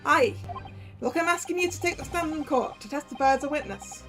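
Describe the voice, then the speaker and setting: A threatening middle-aged man with an Irish lilt, giving orders in a pushy, bossy way, as a woman puts him on. The voice sits fairly high and quiet music plays underneath. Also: a little fast. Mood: menacing. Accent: Irish (put on).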